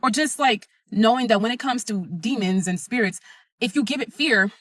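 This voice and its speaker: A woman's voice: a little high, moderate pace, a bit bright, no echo. A young adult woman telling her own story in a blunt, emphatic, profane way. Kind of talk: casual first-person storytelling.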